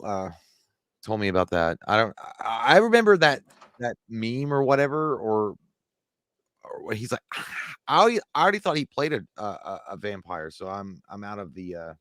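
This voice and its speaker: A man with a somewhat low voice chats casually on a live stream, reading out viewer comments and riffing on each with loose, profane asides. The sound is close and dry, with no room around it. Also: fairly bright tone, no echo. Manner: loose, profane, rambling answers to chat. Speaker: live show co-host reading chat.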